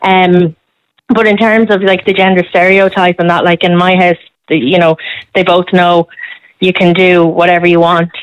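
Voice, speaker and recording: A woman's voice: fairly low pitch, moderate pace, clean tone, dry recording, highs cut off. Chatty woman on a radio call-in. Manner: chatty, animated storyteller. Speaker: caller. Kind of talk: casual radio phone-in chat.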